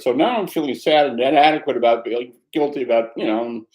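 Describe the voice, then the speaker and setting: Mellow-voiced man giving a mindfulness talk. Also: mid-range voice, lively intonation, normal speed, rough recording. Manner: reflective, conversational, gently self-mocking. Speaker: meditation teacher.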